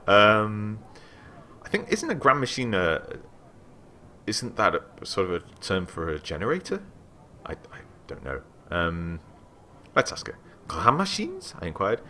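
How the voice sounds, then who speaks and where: Male let's play host, deep, bright-edged, animated reader. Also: measured pace, a little hiss or hum. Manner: excitable, animated, reads aloud with asides. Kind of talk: let's play commentary and reading game text.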